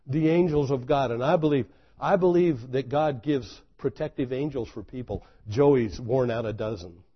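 A man preaching a sermon, telling a story dramatically, swinging from loud exclamations to hushed intensity. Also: mid-range voice, breathy edge, dull audio.

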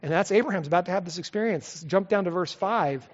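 A middle-aged pastor speaks fast in a high voice, giving a conversational expository sermon from the pulpit, full of asides and rhetorical questions. A faint crowd can be heard in the echoey hall, and the sound is slightly dull.

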